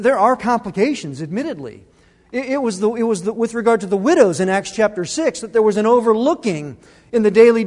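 A man's voice: high-pitched, a little mellow, big-room sound. A middle-aged man preaching a sermon, earnest and conversational, restarting his phrases as he talks. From Arizona. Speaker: pastor.

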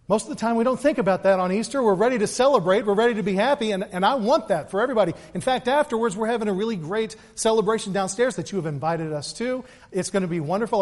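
A man giving an earnest Easter sermon as pastor, repeating words and moving between quick asides and slow, weighty emphasis. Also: high voice, darkish tone. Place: church sanctuary. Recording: long reverb of a large hall.

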